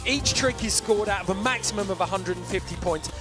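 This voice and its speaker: Bike event commentator guy, high voice, brisk and jokey, loud music behind. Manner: brisk, explanatory, joking. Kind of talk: live sports commentary.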